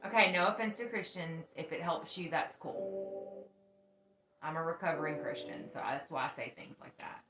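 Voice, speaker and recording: A young woman co-hosting a podcast talks at a moderate pace in a fairly low-pitched voice, laughing and telling frank, profanity-filled stories in candid casual conversation. The room is echoey, with faint music in the background.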